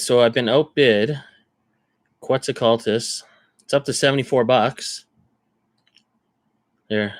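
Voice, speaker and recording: Guy from canada rambling on a live stream, thinking out loud, dry close mic, mid voice. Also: medium pitch, no echo. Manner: rambling, thinks aloud while browsing listings. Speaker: card collector streamer. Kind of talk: casual live-stream chat.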